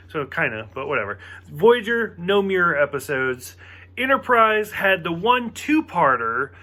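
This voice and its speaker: A man's voice: sits high, pushed and bright. A man giving a casual spoken review of a TV episode, rambling with lots of "like" fillers and sounding exasperated.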